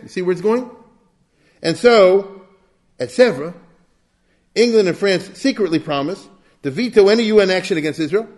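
A man giving an informal history lecture, telling it as a story, acting out quotes and dropping in Yiddish and Hebrew terms. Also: high voice. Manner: storytelling, acts out quotes, asks the listeners "you get it?".

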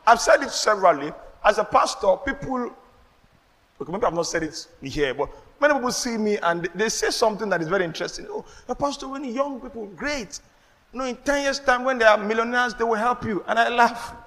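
Preaching in church with a Nigerian accent, this pastor speaks quickly in a voice that sits high. He's animated, laughing and dropping pidgin asides, and a long reverb tail follows his words.

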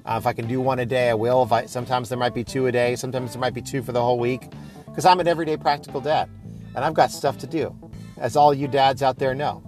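A man's voice: mid-range voice, fairly even intonation, fast, a little mellow, soft background music. A man in his thirties hosting his own podcast, chatting casually and rambling with lots of fillers. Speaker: podcast host. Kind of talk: casual solo podcast talk.

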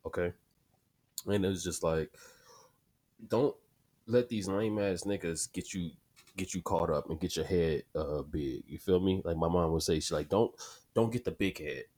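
A man's voice: steady tone, normal speed, pauses often. A young man hosting a podcast, telling stories in a slangy, profane, casual way. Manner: slangy, profane storytelling, gets loud and high when worked up. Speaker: podcast host. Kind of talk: casual solo podcast rant.

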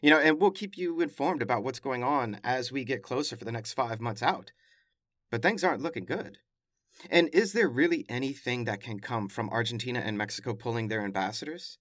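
Recorded dry and close with no room sound, a male podcaster delivers casual news commentary, running through world headlines emphatically with wry, exasperated asides. His voice is mid-range, expressive, a bit bright and a little fast.

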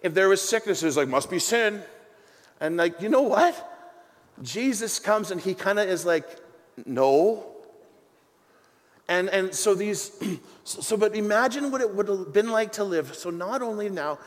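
A middle-aged man with a high voice preaches to a congregation, telling stories with playful, self-mocking asides. His voice rings with the long reverb of a large hall. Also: normal speed. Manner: animated, joking storyteller with self-deprecating asides. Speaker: pastor. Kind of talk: sermon.

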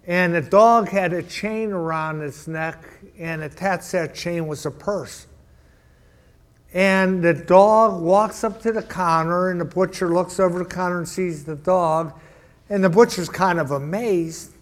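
Pastor, male, unhurried sermon, restarts with repeated words, high pitched, speaking in a church. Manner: stammering repetitions, storytelling. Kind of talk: sermon with a joke.

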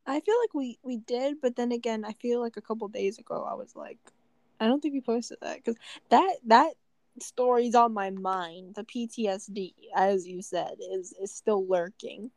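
A woman's voice: on the high side, moderate pace, no room sound. A young woman co-hosting a casual chat podcast, playful and teasing, often laughing. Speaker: co-host. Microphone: own microphone.

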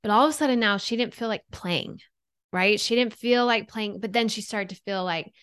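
A woman in her thirties, a podcast guest talking about emotions, telling stories with lively shifts into quoted thoughts. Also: mid-range voice, normal speed, smooth, no echo, clean studio sound. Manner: animated storyteller, voices her own and others' thoughts. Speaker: podcast guest, anxiety coach. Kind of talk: conversational interview.

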